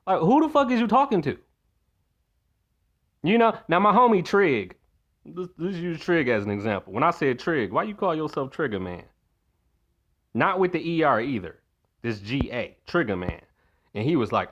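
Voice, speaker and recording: A man's voice: fairly high pitch, sing-song, normal speed, fairly bright tone, highs cut off. A man telling a long story to his stream chat in a blunt, profane rant, acting out the voices of the people he quotes.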